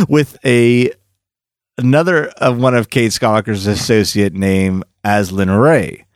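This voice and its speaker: In clean studio audio with no echo, a man with a medium-pitched voice hosts a podcast. He retells comic lore conversationally, sprinkling in jokes along the way.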